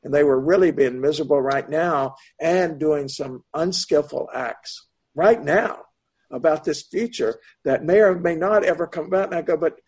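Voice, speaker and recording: A man teaching as a Buddhist meditation teacher, answering a question in a slow, searching, meandering Dharma talk. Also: on the high side, a little mellow, breathy edge.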